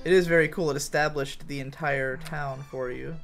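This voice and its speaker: A man's voice: fairly high pitch, fairly even intonation, moderate pace. Rambling, profane young man over game music. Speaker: let's play co-host. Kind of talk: casual gaming commentary. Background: video game music.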